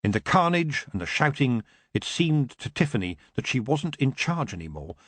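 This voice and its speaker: A man narrating an audiobook in an expressive, dramatic reading. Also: medium pitch, moderate pace, no echo.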